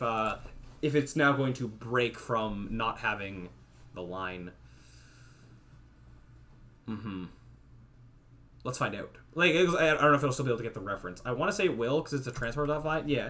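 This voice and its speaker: A young man livestreams his game development, casually thinking aloud while coding and testing values, trailing off and restarting sentences. His voice is medium-pitched, bright and forceful.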